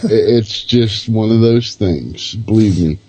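A man with a low, husky voice answers slowly and hesitantly. He laughs nervously in between his words. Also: dark tone, poor audio. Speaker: guest. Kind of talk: casual chat.

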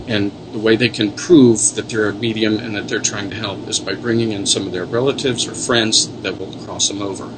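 A man's voice: lowish voice, steady tone, brisk, few pauses, noisy background. A man, a paranormal investigator, telling earnest, rambling stories in a casual interview. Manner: earnest, rambling storyteller with many restarts.

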